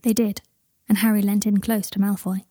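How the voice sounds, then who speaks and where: A woman narrating a story in a calm, even reading voice on a close microphone. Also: mid-range voice, normal speed, no room sound. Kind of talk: storybook narration of fan fiction.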